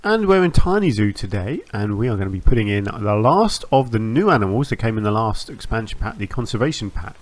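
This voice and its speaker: A man hosting a gaming channel, talking through a zoo-building game in a relaxed, rambling way, often restarting phrases and filling pauses with ums. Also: lowish voice, no room sound. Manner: rambling, self-correcting, with frequent ums and restarts. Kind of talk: relaxed gameplay commentary.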